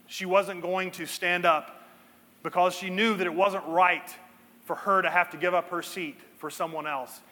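Bright-voiced man preaching in a hall. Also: high voice. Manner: earnest preaching with dramatic pauses and slowed emphasis. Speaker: pastor. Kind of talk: sermon.

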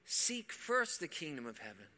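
Guy preaching a sermon, high bright voice, goes from soft to full-on fired up, big echo. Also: big pitch swings, normal speed. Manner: swings from hushed to loud passionate preaching. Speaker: pastor. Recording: long church hall reverb.

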